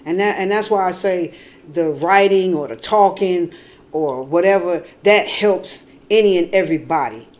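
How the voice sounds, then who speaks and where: A woman vlogging in casual talk, rambling and animated, dropping from quiet and low to loud outbursts, swearing freely. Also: normal speed. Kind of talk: casual storytelling.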